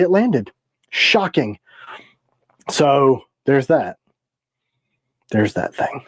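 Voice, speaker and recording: Guy hosting a live stream, kinda high voice, sarcastic animated storyteller, dry mic. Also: takes it slowly, long pauses, dry recording. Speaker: knife maker, livestream host. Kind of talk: casual livestream chat. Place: workshop or shop.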